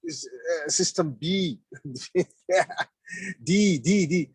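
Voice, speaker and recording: Guy calling in from the car, kinda high voice, stumbles and repeats words, laughs a lot, dry sound. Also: slow, a little mellow, slightly rough, dry recording. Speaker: meeting participant. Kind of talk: casual video call chat. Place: in a car on the road. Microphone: video call.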